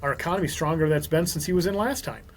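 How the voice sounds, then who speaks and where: A man, a small business owner from Minnesota, talking as a podcast guest and telling lively stories with quoted dialogue. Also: on the high side, very fast, a little hiss or hum. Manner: animated storyteller, quotes others in dialogue. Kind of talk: casual podcast conversation.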